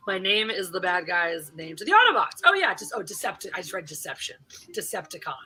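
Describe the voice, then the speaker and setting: Bright-voiced woman streamer chatting. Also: fairly low pitch, sing-song, a little fast, slightly rough, poor audio. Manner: chatty, greets viewers by name, drops into whispered asides. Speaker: livestream host. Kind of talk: casual livestream chat.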